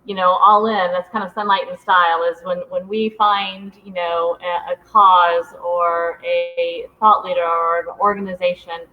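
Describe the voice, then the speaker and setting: Enthusiastic lower-voiced woman host. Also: steady tone, unhurried, hardly any pauses. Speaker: interview host. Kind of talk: conversational interview. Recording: dull lo-fi sound.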